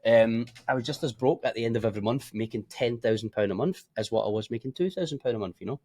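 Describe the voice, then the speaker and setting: A man's voice: medium pitch, fast, dark tone. A tired man giving casual, blunt market commentary as a forex trading presenter. He swears freely, keeps yawning and makes offhand asides.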